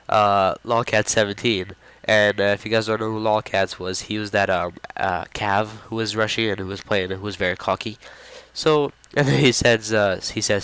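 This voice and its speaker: A man's voice: fairly low pitch, steady tone, moderate pace, fairly bright tone, smooth, no echo, rough recording. A young man hosting a gaming channel, talking casually to his viewers and rambling with lots of fillers and restarts as he reads out chat messages in a mocking tone. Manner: rambling, with many fillers and self-corrections. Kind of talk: casual gameplay commentary to viewers.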